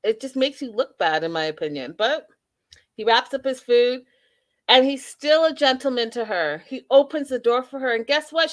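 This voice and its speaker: A woman's voice: high voice, normal speed. Opinionated woman recapping reality TV. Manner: animated, opinionated storytelling with quoted asides; addresses viewers directly as y'all and you guys. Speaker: host. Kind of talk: recap and review live stream.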